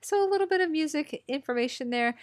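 A young woman hosting a podcast, chatty and self-mocking with quick asides. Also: high-pitched, expressive, no room sound, clean studio sound. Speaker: podcast host. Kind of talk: casual chat.

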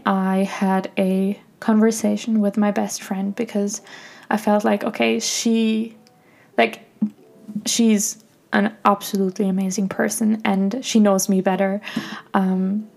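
A young woman hosting her own podcast, talking reflectively and softly in a personal monologue, with many fillers like "like". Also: medium pitch, creaky. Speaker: podcast host.

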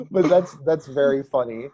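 A man co-hosting a casual podcast chat, animated, laughing and mimicking lines in high voices, with lots of "like" fillers. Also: breathy edge, highs cut off. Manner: peppers speech with "like". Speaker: podcast co-host. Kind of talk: casual chat reviewing old TV ads.

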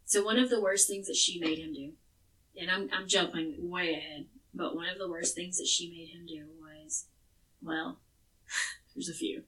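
A woman's voice: fairly low pitch, animated, normal speed, a bit bright, recorded from a distance, poor audio. A woman co-hosting a podcast, telling a true crime case in a casual, chatty way with some swearing. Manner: chatty, swearing, restarts words.

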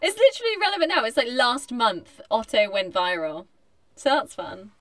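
A woman's voice: a little high, sing-song, a bit bright, dry recording. Giggly woman in her late twenties. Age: late 20s. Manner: chatty, giggly, quick asides. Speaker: podcast co-host. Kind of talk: casual chat.

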